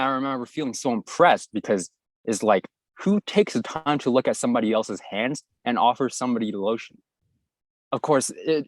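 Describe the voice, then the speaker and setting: A young man in his twenties telling a school story in a casual, animated way, playing out the voices of the people in it. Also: medium pitch, no room sound. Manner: animated anecdote telling, acts out quoted voices. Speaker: guest YouTuber.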